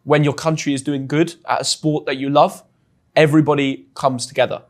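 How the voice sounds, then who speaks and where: A young man from England with an English accent, telling a story as a guest in an interview with lively, chatty energy and frequent restarts. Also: a little high, fairly quick. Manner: chatty and animated, often restarts words. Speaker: guest, football influencer.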